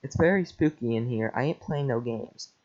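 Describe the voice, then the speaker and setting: A man's voice: medium pitch, normal speed, darkish tone, natural voice. A guy doing a jittery, chatty male donkey, slightly raised voice, lo-fi mic. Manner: jittery, chatty, yelps in panic. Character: fast-talking excitable male talking donkey. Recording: lo-fi home mic.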